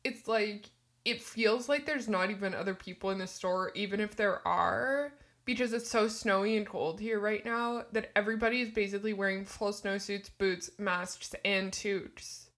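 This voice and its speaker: A young woman co-hosting a podcast in casual chat, animated, swearing and laughing often. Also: medium pitch, moderate pace. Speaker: podcast co-host.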